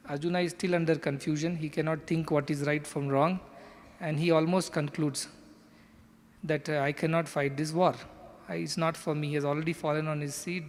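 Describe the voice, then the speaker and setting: Guy lecturing on scripture, kinda high voice, long echo like a hall. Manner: earnest, explains step by step. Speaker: scripture teacher. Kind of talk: explanatory lecture.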